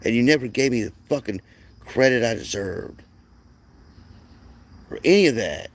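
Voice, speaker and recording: A man's voice: mid-range voice, expressive, moderate pace. A man delivering a rambling, profane monologue as the channel's host, often restarting his sentences.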